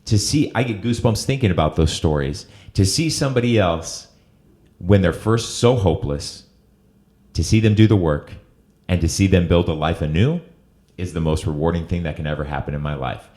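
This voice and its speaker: A man's voice: low voice, moderate pace, darkish tone. A middle-aged man hosting an interview, telling a personal story in an earnest, emotional way. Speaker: host.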